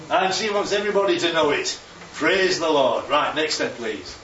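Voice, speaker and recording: A man preaching a sermon, lively and constantly checking in with his listeners by asking "right?" and "yeah?". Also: on the high side, normal speed, slight background noise. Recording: echoey, distant, dull sound with faint ambience.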